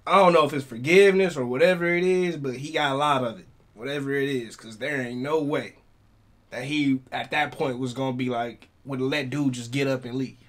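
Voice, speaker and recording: A man hosting a reaction video, musing in casual commentary with lots of halting fillers. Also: medium pitch.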